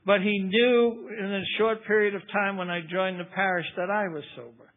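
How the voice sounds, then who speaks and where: An older man speaking at a recovery meeting, telling his story in a wry, conversational way. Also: high-pitched. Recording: tinny phone-like recording.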